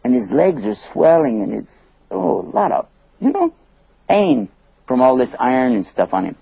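Gravelly animated male storyteller. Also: mid-range voice, moderate pace, no echo, lo-fi sound. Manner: lively, acts out voices, chuckles often.

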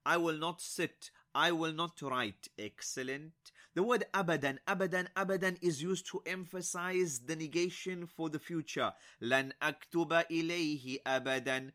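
A man teaching an Arabic grammar lesson, repeating each example slowly and then translating it, with short words of praise in between. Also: a little high, bright, forceful tone.

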